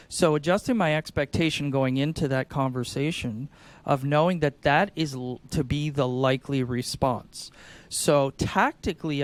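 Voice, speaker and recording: Smooth-voiced energetic man on a podcast. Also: mid-range voice, dry recording. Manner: energetic, acts out sing-song sales calls. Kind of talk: conversational podcast explanation.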